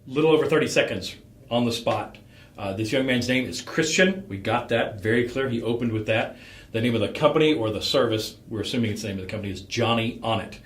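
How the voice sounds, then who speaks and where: A man giving a relaxed, rambling critique of a startup pitch as a coach. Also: fast, reverberant. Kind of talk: conversational critique.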